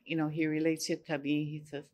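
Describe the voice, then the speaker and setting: An older woman whose first language is Cree tells a personal story as an elder on a panel. She speaks gently and unhurriedly and often repeats phrases. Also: sits low, flat delivery, a little fast. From Saskatchewan, Canada.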